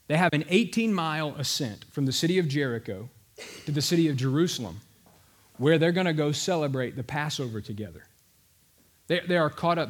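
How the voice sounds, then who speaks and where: A male pastor delivers a sermon, talking conversationally and telling stories with animation. His voice sits a touch above the usual male pitch.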